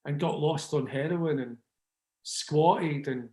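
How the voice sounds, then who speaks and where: A man's voice: fairly high pitch, slow, dark tone, echoey room. A Scottish man in his sixties chatting in an interview, rambling and sweary, forever asking "do you know what I mean". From Scotland. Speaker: interviewee, record label founder. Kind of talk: casual interview chat.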